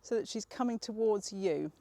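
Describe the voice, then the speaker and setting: A woman's voice: mid-range voice, normal speed, mellow. Patient woman dog trainer. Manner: patient, encouraging, explaining step by step. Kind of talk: hands-on dog training instruction.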